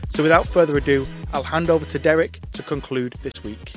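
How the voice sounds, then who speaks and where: A man presenter briefly introducing the next speaker in a brisk announcing manner. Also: a little high, steady tone, fairly bright tone. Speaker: radio presenter. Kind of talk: program introduction. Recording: voice over music.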